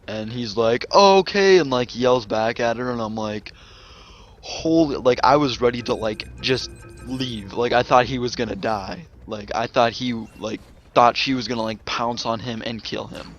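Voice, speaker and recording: A man's voice: medium pitch, steady tone, unhurried, fairly bright tone, highs cut off. A man telling a casual storytime vlog, rambling with many fillers and restarts. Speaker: gaming vlogger.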